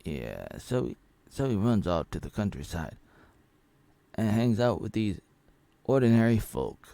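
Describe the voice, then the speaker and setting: A man's voice: lowish voice, big pitch swings, a little slow, vocal fry, warm tone, no room sound. A man casually recapping an old film, rambling and joking as he retells the plot. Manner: rambling, jokey retelling with acted-out quotes. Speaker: film reviewer.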